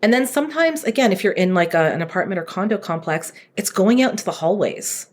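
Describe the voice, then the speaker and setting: A woman chatting casually on a podcast as a guest, talking about dog training in an animated way with lots of fillers. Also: mid-range voice, fast talker, a little hiss or hum.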